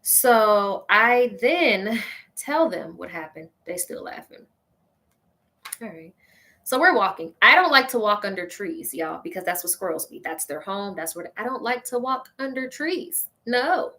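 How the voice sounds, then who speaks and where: A woman hosting a show, telling a funny personal story in an animated, exclaiming way, talking straight to her listeners. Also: medium pitch, unhurried. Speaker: host.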